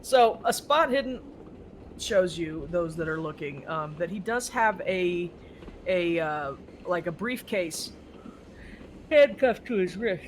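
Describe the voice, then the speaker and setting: A man's voice: high voice, expressive, takes it slowly, a little hiss or hum. A man narrating a tabletop horror game as game master, rambling with many restarts. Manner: rambling, full of fillers and restarts.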